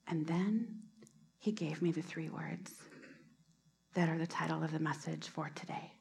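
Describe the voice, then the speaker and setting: A woman preaching a sermon on a hands-free mic, soft-spoken and often sinking to a near whisper. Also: sits low, steady tone, measured pace, gravelly, a little hiss or hum.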